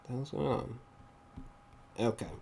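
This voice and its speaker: A man's voice: medium pitch, steady tone, unhurried, gravelly, dark tone, breathy edge. A man giving a casual, rambling movie review, swearing often and acting out scenes in raised voices. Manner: rambling, swears often, searches for pictures mid-talk.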